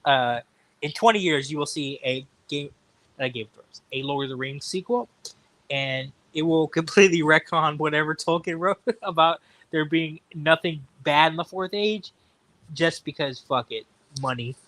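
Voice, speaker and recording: A man chatting casually about books and films, animated and jokey, swearing now and then. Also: on the high side, normal speed, no echo. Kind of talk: casual chat.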